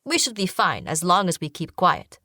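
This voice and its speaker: Woman reads a courteous young male traveler in a storybook, gentle, a bit lifted, dry close sound. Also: on the low side, very animated, moderate pace, no room sound, exaggerated voice. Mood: polite. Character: calm, helpful young man, a flute player.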